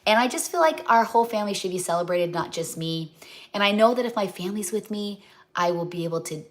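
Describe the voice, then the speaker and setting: A woman's voice: medium pitch, fairly bright tone. A middle-aged woman chatting casually on a livestream as a home cook, rambling and often losing her train of thought, heartfelt and talking straight to her viewers. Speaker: home cook and cookbook author hosting a livestream.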